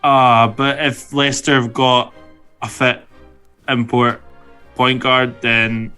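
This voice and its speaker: A man's voice: mid-range voice, little pitch movement, slow, sharp tone, clean tone, faint music behind. A man co-hosting a casual sports podcast with a dry, understated, hedging manner. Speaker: podcast co-host.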